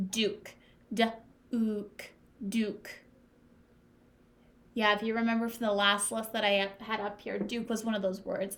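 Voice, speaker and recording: A woman teaching a phonics lesson to young students at a whiteboard, sounding out words slowly and patiently. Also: on the high side. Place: classroom at a whiteboard.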